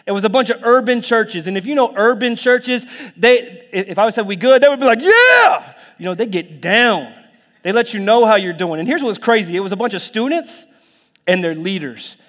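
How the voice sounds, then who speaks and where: A man preaching a sermon in a lively, conversational way, now and then dropping to a whisper or jumping to a shout. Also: high-pitched, a little fast. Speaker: pastor. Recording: long hall reverb.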